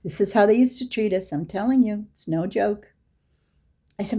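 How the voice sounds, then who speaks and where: A woman's voice: medium pitch, normal speed, dark tone, breathy edge. An older woman giving a storytelling lecture, recounting anecdotes and acting out the dialogue in her own voice. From Boston area, USA. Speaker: Islamic lecturer.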